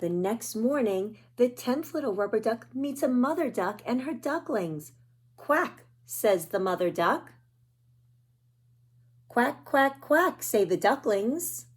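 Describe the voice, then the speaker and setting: A woman reading a picture book aloud to young children, gentle and pointing out the pictures as she goes. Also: on the high side, lively intonation, measured pace, hardly any pauses, husky. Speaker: children's storyteller.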